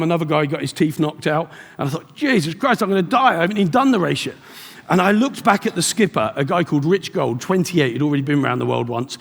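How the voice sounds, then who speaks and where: Gravelly middle-aged male keynote speaker, storyteller, recorded live in a reverberant hall. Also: a little high. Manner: storytelling with acted-out dialogue. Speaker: motivational speaker. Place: large event hall.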